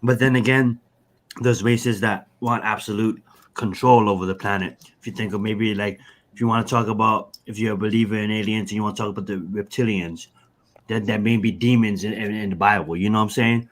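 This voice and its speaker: A man's voice: fairly low pitch, steady tone, brisk. A man in casual podcast chat, rambling through long answers with many fillers and restarts. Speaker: podcast guest.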